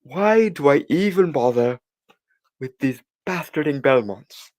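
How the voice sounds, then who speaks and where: A weary vampire mentor, ranting at the end of his patience, as a man puts on the voice. The voice is pushed well above a low natural register and sounds dry and close. The delivery is slow and drawn-out. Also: lively intonation, a little mellow, no room sound. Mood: exasperated. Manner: exasperated, ranting.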